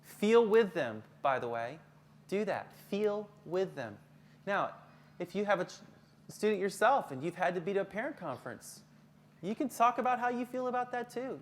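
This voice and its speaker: A man presenting a live workshop to teachers as a school counselor, lively, then dropping to a soft low voice for calm examples. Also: moderate pace, a little hiss or hum.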